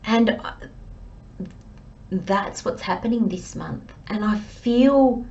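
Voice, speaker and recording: A woman's voice: mid-range voice, slow, vocal fry, a little mellow, slight background noise. Woman reading tarot cards to camera, earnest and pushy, kinda muffled lo-fi audio. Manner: earnest, emphatic, talks straight to the listener. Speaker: tarot reader.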